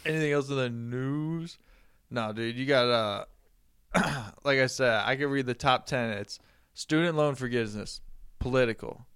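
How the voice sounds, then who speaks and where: A man's voice: medium pitch, moderate pace, a bit bright, clean tone, no echo, clean studio sound. A man co-hosting a podcast, bantering casually, joking, laughing often and swearing. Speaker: podcast co-host. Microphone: studio microphone.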